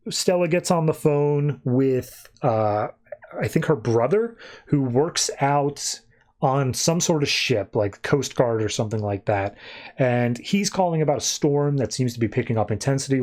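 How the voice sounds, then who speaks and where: A man's voice: mid-range voice, animated, measured pace, a little mellow. Chatty man recapping a comic. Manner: chatty, loose, filler-heavy retelling. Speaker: podcast host. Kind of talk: casual comic book recap.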